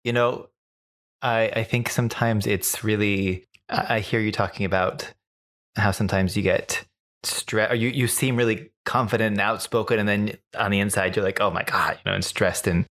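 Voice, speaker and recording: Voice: mid-range voice, steady tone, normal speed, fairly bright tone. An interviewer asking reflective questions and encouraging the guest, laughing along.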